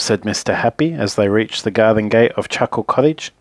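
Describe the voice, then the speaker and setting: A man reading a children's story aloud in a gentle, expressive way. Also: on the low side, brisk, no room sound, clean studio sound.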